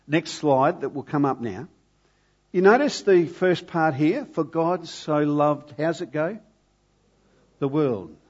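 A man's voice: a little high, a little mellow, highs cut off. A man preaching a sermon, telling a story and leading the congregation to repeat lines with him. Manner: earnest, leads congregation in call-and-response.

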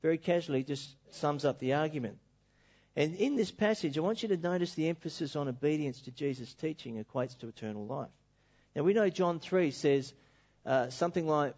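Animated male preacher, lo-fi sound. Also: a little high, fairly quick. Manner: animated, storytelling, emphatic. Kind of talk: sermon. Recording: dull lo-fi recording.

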